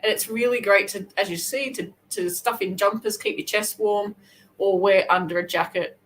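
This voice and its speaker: A woman's voice: mid-range voice, steady tone, rough recording. Chatty Australian woman hosting a live chat. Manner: chatty, rambling, quick self-corrections. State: hair wet, just out of the shower. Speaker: crochet livestream host.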